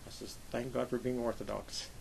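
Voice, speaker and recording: An older man from Pennsylvania, a Navy veteran, telling lively anecdotes in an oral history interview and acting out the voices he quotes. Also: mid-range voice, brisk, vocal fry, slight background noise, low-quality recording. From Pennsylvania, USA.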